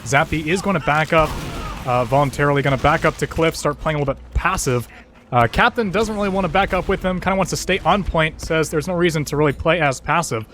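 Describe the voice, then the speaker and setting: A man giving steady, analytical color commentary as an esports caster, leaning on fillers. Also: fairly high pitch, fast talker, slight background noise. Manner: steady explaining, many fillers like kinda.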